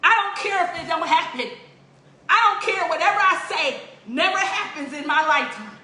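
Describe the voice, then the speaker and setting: A woman's voice: very high-pitched, animated, moderate pace, bright, forceful tone. A woman giving an emotional, tearful spoken appeal, pleading in a repetitive preaching cadence. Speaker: religious vlogger. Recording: roomy echo.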